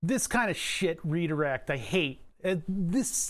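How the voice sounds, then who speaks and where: Reading code and datasheets on his livestream, the streamer talks himself through the electronics work with the odd curse and chuckle. His voice runs high, animated, and a bit bright, and he takes his time.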